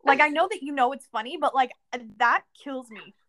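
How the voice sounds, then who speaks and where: A young woman co-hosting a podcast in casual chat, animated and swearing freely. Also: high voice, brisk, no echo, studio quality. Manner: animated, swears, laughs often. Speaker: podcast co-host.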